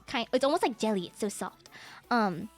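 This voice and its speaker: A woman's voice: a little high, lively intonation, moderate pace. A young woman streaming, chatting casually, giggling a lot and mimicking her parents' exclamations. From United States. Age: young adult. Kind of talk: casual chat. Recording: faint music behind.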